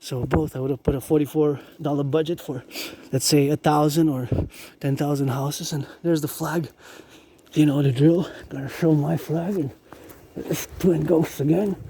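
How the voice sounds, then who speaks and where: A man walking outdoors through residential streets, rambling excitedly and chatting to the decorations he films on his phone. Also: on the high side, a little hiss or hum. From Canada. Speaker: vlogger. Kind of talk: casual walking vlog.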